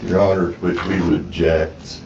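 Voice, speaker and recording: A man's voice: low-pitched, little pitch movement, normal speed, distant mic, noisy background. A man objecting indignantly in court. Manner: indignant, shouting. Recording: dull, echoey courtroom clip from afar.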